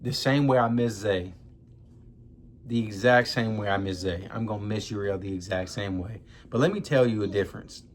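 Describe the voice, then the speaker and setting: A man's voice: on the low side, moderate pace. A young man, grieving as he tells a personal story in loose, slangy talk, close to tears. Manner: loose, conversational slang, addresses viewers as y'all. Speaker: vlogger. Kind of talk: emotional personal storytelling to camera.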